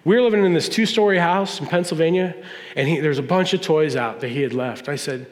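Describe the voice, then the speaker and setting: A man's voice: on the high side, fairly quick. A middle-aged man, a pastor, preaching a humorous storytelling sermon and acting out family dialogue. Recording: long reverb of a large hall.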